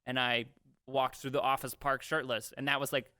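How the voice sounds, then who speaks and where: Animated young man telling a story. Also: medium pitch, normal speed, no echo. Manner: animated, acts out quotes, swears freely. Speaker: podcast co-host. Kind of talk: casual storytelling.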